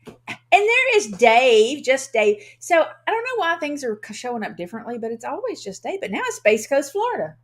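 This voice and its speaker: Woman, co-host, high voice, very lively pitch, giggly. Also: normal speed. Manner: chatty, giggly, reads out viewer names. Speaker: live stream co-host. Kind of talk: casual live stream chat.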